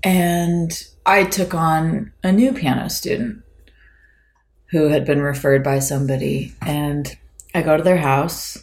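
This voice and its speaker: Low-voiced woman telling a story. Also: measured pace, gravelly. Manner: animated storyteller, mimics voices in quotes, laughs often. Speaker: podcast co-host; piano teacher. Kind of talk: storytelling in casual chat.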